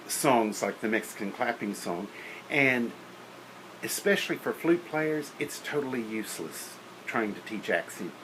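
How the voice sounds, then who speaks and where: Low-voiced man teaching band class. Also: background noise. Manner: counts and sings rhythms aloud; practical, opinionated. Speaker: music teacher. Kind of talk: lecture on teaching beginner band.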